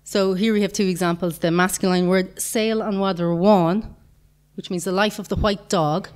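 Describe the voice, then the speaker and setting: A woman's voice: medium pitch, steady tone, moderate pace, a little mellow, clear, resonant tone. A woman giving a conference talk, patiently explaining grammar with examples and the odd light chuckle. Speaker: conference speaker.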